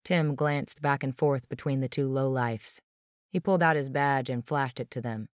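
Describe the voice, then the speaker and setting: A woman's voice: very deep voice, normal speed, dry recording. A woman narrating a tense, dramatic first-person audiobook.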